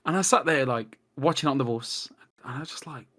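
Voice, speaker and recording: Here a man with a mid-range voice and a brisk delivery guests on a laid-back podcast. He's an animated, rambling storyteller who acts out quotes from the people in his tales.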